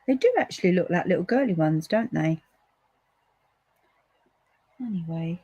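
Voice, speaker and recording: A woman's voice: on the low side, lively intonation, moderate pace, mellow, slightly rough, no room sound, muffled recording. A woman chatting casually to her viewers while she demonstrates colouring for a papercraft class. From United Kingdom. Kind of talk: casual live craft demonstration.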